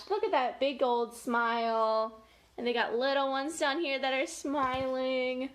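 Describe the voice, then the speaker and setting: A woman's voice: high voice, fairly even intonation, a little slow, a bit bright. A woman, a family educator, reading a picture book aloud to children in a playful, chatty way, with gasps and laughs along the way.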